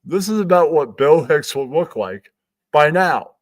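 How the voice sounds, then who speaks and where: A man's voice: a little high, expressive, a little slow. A man hosting a stream, rambling through a crude, self-amused comedic monologue. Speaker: stream host.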